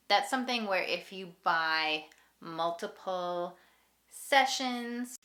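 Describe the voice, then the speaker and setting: A woman teaching an English lesson, speaking slowly and clearly and repeating example phrases. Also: low-pitched, pushed and bright. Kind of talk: ESL lesson.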